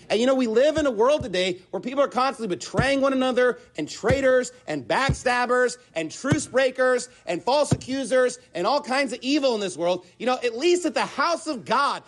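High-pitched emphatic male preacher. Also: expressive, moderate pace. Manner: emphatic, rhetorical, sarcastic preaching with repetition. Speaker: pastor. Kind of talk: sermon.

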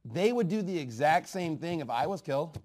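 A man preaching a fiery sermon, swinging from low asides to loud, emphatic outbursts. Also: lively intonation, a little fast. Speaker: pastor.

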